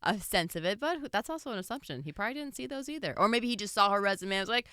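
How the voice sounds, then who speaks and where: A woman co-hosts a podcast in a playful, easygoing way. Her voice is bright and crisp at a middle pitch. The sound is dry and close. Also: expressive, rapid-fire, no room sound. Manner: playful, laughs easily. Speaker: podcast co-host. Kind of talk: casual podcast chat.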